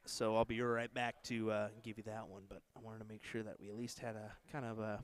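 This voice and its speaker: A man's voice: lowish voice, little pitch movement, brisk. A man with an American accent hosting casual live-stream darts commentary, chatting with viewers between matches. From United States.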